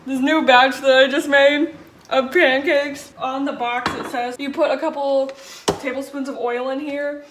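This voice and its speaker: A woman's voice: sits high, flat delivery, a little slow, fairly bright tone. A young woman telling stories in a chatty, self-deprecating way while cooking in her kitchen. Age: young adult. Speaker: vlogger. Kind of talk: casual storytelling vlog. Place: home kitchen. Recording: echoey room, faint background noise.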